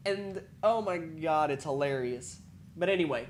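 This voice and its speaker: A woman's voice: low-pitched, lively intonation, unhurried, a little hiss or hum. Wry woman reading a game aloud. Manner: wry, with asides and self-corrections. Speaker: game reader. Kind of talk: reading a visual novel aloud.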